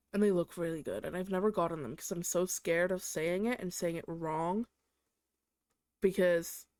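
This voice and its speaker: A woman's voice: lowish voice, darkish tone, smooth, no echo. A young woman from England, hosting her own show, ranting casually with a lot of swearing and filler "like"s. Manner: exasperated, swears a lot, heavy use of "like". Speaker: podcast host.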